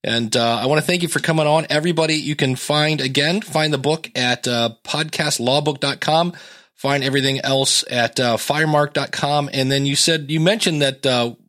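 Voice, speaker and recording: A man's voice: a little high, moderate pace, a bit bright. A middle-aged man hosting a podcast, chatting casually and telling stories with playful asides. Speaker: podcast host. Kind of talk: casual podcast chat and monologue.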